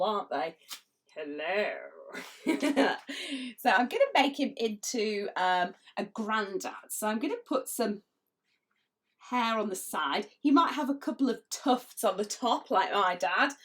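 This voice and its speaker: A woman's voice: mid-range voice, animated, moderate pace. A middle-aged woman, chatting playfully as she leads a drawing lesson for children. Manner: chatty, playful, laughs often. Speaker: illustrator teaching drawing.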